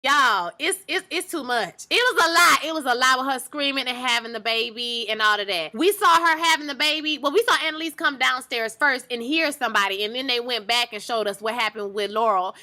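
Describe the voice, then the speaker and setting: High, bright-voiced woman recapping a show. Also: a little fast, hardly any pauses. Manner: animated, emphatic, talks straight to viewers. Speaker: TV recap vlogger. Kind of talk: casual recap chat.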